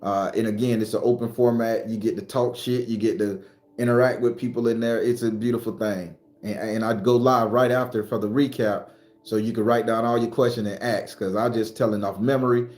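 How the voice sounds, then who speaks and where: A spiritual live-stream host speaks a little fast, loosely and profanely addressing his viewers in a casual stream. His lowish voice is darkish and steady in tone. There is a roomy echo and faint music in the background.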